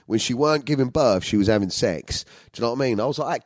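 A man hosting his own podcast, talking in a crude, loud, jokey way that keeps breaking into laughter and shouts. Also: medium pitch, animated, fast talker, dry recording. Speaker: podcast host. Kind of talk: comedic solo podcast chat.

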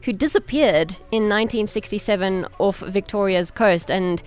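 A woman's voice: mid-range voice, normal speed, darkish tone, soft background music. A woman with a South African accent on a radio show team, explaining a phrase in a giggly, chatty way. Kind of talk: casual radio chat. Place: radio studio.

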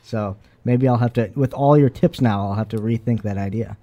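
A man's voice: on the low side, normal speed, dark tone, muffled recording. A man co-hosting a talk show, chatting in a friendly, conversational way about home life. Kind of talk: casual chat.

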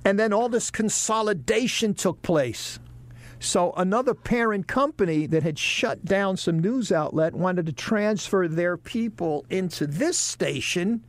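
A man telling lively stories about his broadcasting career in a casual interview, acting out the people he quotes. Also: high voice, unhurried, no room sound. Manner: animated storyteller, acts out quoted bosses. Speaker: broadcaster guest.

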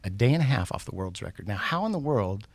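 Speaking fast in a fairly low voice, this middle-aged man appears as a guest speaker with a motivational story. He's animated, raising suspense through questions aimed at his listeners.

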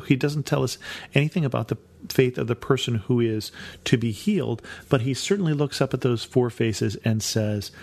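A man's voice: mid-range voice, gravelly. A man teaching from the Bible on a podcast, reading passages aloud and then explaining them with dry humor.

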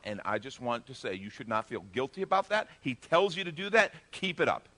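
A middle-aged male pastor preaches a conversational sermon in a brisk, mid-range voice with big pitch swings. He tosses in joking asides and swells loud for emphasis.

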